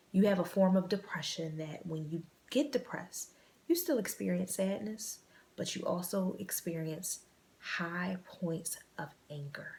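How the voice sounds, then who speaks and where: A woman vlog host telling a personal story in an earnest, halting way, repeating phrases and sometimes dropping to a hush. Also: lowish voice, vocal fry.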